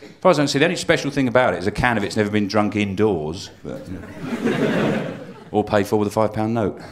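A man doing stand-up, dry and deadpan, slipping into mocking put-on voices. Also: fairly low pitch, fast, very noisy. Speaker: stand-up comedian. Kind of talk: live stand-up set. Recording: live stage recording with loud audience laughter. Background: audience laughing.

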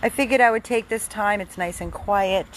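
A woman's voice: mid-range voice, normal speed, a little hiss or hum. Woman cooing baby talk at her dog. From Florida. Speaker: dog rescuer hosting a live update. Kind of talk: casual live stream talking to a dog and viewers. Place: home with dogs, indoors and out.

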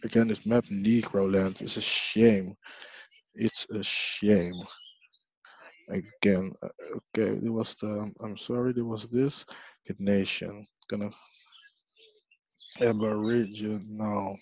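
A man from Haiti hosting a video, casually reading dictionary definitions aloud in a rambling, halting way with frequent apologies. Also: fairly low pitch, vocal fry, a little mellow, husky. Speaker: video host. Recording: dull lo-fi sound.

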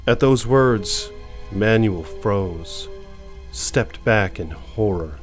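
Male audiobook narrator, low voice, measured suspenseful novel reading. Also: lively intonation, soft background music.

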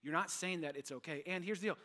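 Male pastor, bright upper voice, emphatic sermon delivery. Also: high-pitched, fast talker. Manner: animated, emphatic preaching.

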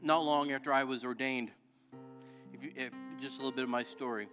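A middle-aged male pastor preaching a sermon with passion, rising at times to shouting. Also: medium pitch, steady tone, a little fast, faint music behind. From Illinois. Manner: impassioned preaching that builds to shouting. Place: church sanctuary.

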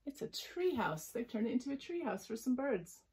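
Animated woman reading a children's story. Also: a little high, moderate pace, husky. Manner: animated, chatty asides to young listeners. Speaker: author reading her picture book.

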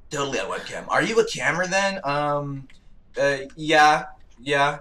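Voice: medium pitch, a little slow, pushed and bright. A streamer in casual gaming chat, joking and prone to breathless laughing fits.

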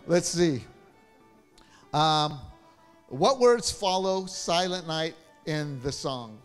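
A man, a pastor, casually hosting a Christmas trivia game in church, playful and chuckling as he reads the questions slowly. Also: on the high side, lively intonation, clean tone, big-room sound, soft background music. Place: church hall.

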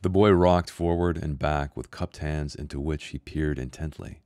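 A man who is an author reading his own short story aloud in a measured, somber way. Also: very deep voice, a little mellow, no room sound, studio quality. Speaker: author and host.

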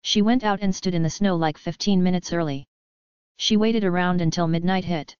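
A woman's voice: lowish voice, normal speed, darkish tone, smooth, no room sound, lightly acted. A woman reading a puzzled middle-aged father. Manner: puzzled, worried. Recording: dull lo-fi, dry.

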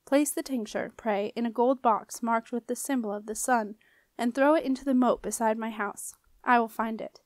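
A formal male alchemist speaks in stately old-world phrasing, measured and solemn, as a woman reading the book puts him on. The voice sits fairly high and sounds dry and close, like a storybook reading. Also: fairly even intonation, dry recording, close to an everyday voice. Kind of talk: audiobook character reading.

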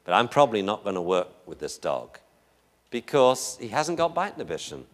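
A man's voice: fairly low pitch, big pitch swings, normal speed. A man giving a live lecture on dog behavior in a chatty, joking, anecdotal way.

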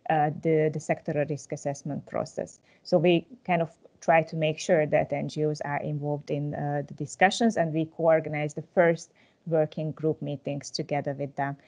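A woman with a very low voice recounts a case study during a workshop presentation. Her delivery is hesitant, with frequent filler sounds between points. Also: level tone, normal speed, darkish tone. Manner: hesitant, many fillers, gives worked examples.

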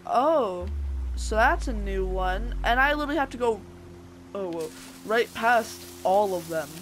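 A woman commentating as she plays a video game, chattering to the enemies and squeaking up high when she panics. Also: unhurried, slight background noise. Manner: excitable, talks to enemies, voice shoots up when panicked. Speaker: gameplay streamer. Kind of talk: let's play commentary.

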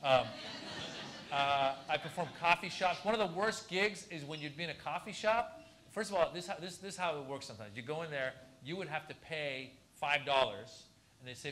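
A man's voice: a little high, moderate pace, a bit bright, a little hiss or hum. A man, a comedian, telling anecdotes at a lecture Q&A and acting out other people's lines. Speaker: comedian guest at a university lecture. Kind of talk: storytelling anecdote in a Q&A.

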